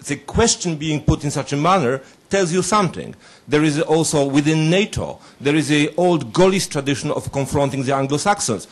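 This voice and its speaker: Man commenting from the floor. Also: a little high. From Poland. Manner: halting, with many fillers. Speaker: audience member. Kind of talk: question from the floor.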